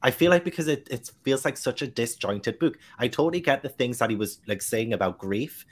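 A man's voice: mid-range voice, fairly quick. Chatty British man on a call. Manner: rambling, filler-heavy and animated. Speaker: book club guest. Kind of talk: casual book discussion.

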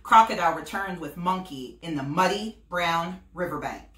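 A woman teacher reading a picture book aloud to her students, gentle and encouraging. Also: lowish voice, moderate pace. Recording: roomy, voice from a distance.

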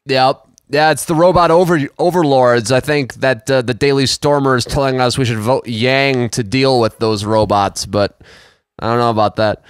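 A man's voice: mid-range voice, fairly even intonation, moderate pace, clean tone, no echo, clean studio sound. A man co-hosting a podcast, chatting casually with wry jokes. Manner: wry, joking. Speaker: podcast co-host.

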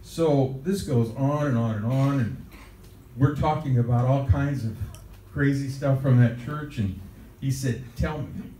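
A man's voice: medium pitch, a little slow, mellow, a little hiss or hum. An older man recounting a childhood anecdote in a rambling, chuckling way, with his words tumbling out in starts and restarts. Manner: rambling storyteller, chuckles often. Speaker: interviewee. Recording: roomy, distant mic, faint ambience.

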